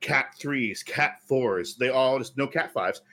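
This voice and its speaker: A man's voice: mid-range voice, takes it slowly, sharp tone. A man co-hosting a podcast, telling a story at length in casual chat with many fillers. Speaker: podcast co-host.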